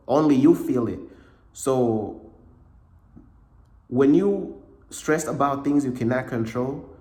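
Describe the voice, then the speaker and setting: A man giving a casual motivational talk, repeating himself often, with a slightly cracking voice and frequent throat clearing. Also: medium pitch, a little mellow, roomy sound. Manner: repetitive, conversational, frequent "bruh" and "you know what I'm saying". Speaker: motivational speaker.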